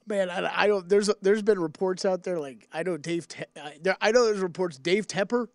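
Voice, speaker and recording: A male sports co-host with a high, gravelly voice. He halts and stammers into his points, and the sound is dry and close. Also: no room sound. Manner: hesitant, halting, stammering restarts. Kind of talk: casual sports talk.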